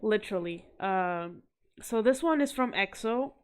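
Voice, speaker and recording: Young adult woman, slow-talking vlogger, casual, rambling, self-deprecating. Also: mid-range voice, expressive, clear, resonant tone. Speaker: vlogger showing art. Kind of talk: casual chat to camera.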